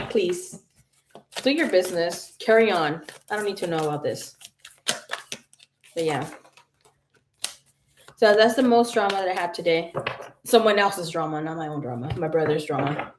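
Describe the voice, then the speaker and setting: A woman in her early thirties, a psychic tarot reader hosting a casual livestream, telling stories in an animated, profane way and laughing often. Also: on the low side, unhurried, pauses often, noisy background. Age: early 30s.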